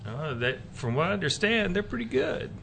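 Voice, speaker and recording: Bright-voiced rambling man hosting a faith talk show. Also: high voice, very animated, moderate pace, gravelly, slight background noise. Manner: rambling, many fillers and restarts. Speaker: radio show host. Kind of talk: casual faith talk chat.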